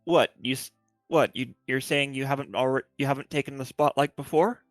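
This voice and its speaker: A man's voice: mid-range voice, fairly even intonation, normal speed, dry recording, soft background music, close to an everyday voice. A man voicing a hesitant, polite fox-spirit adventurer who stumbles and repeats his words.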